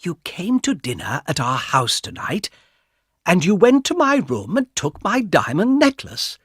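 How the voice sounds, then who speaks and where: A man's voice: high-pitched, wildly swooping pitch, unhurried, a bit bright, slightly rough, dry recording, clean studio sound, voice pushed up, full character voice. A man voicing a frightened young woman, pleading. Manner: raised pleading voice. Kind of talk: audiobook reading.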